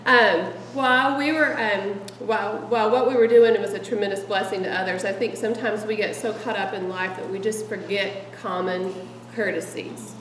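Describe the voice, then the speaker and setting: A woman's voice: medium pitch, normal speed, hardly any pauses, a little hiss or hum. Chatty lady laughing a lot while she presents, mic far off, roomy echo. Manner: chatty and animated, laughs often. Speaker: speaker sharing meeting ideas with fellow directors. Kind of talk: casual presentation to a group. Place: meeting room with an audience. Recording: echoey room from a distant mic, audience audible.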